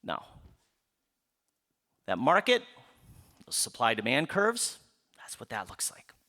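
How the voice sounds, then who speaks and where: An animated man from the Upper Midwest of the United States, an author, gives a book talk as a public lecture to a live audience, speaking slowly in a mid-range voice. He poses rhetorical questions and answers them, drawing listeners in with playful asides.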